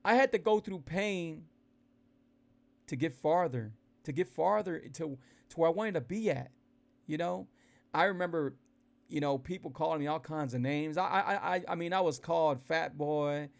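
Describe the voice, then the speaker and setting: A man's voice: a little high, moderate pace, creaky. A man talking casually and energetically to his followers on a phone livestream. He repeats himself a lot and speaks to viewers in a folksy way about his eating. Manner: animated, repetitive, folksy, addresses viewers directly. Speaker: keto weight-loss vlogger. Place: indoors, livestreaming.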